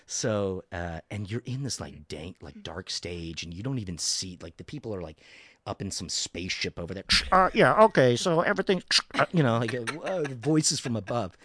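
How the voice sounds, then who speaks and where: Man, casual podcast storyteller, swooping lively pitch, dry close mic. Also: normal speed, husky, dry recording. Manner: animated storyteller, lots of fillers, acts out voices. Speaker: actor telling a story.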